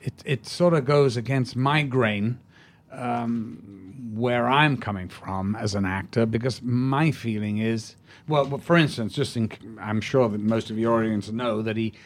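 A man's voice: medium pitch, measured pace. An older man, a guest actor telling anecdotes in an interview with theatrical flair and hesitant restarts.

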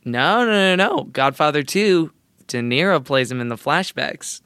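A man's voice: on the high side, lively intonation, measured pace, pushed and bright, clear, resonant tone, dry recording, clean studio sound. A young adult man co-hosting a podcast, chatting casually and joking playfully with frequent laughs. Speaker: podcast co-host. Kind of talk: casual chat.

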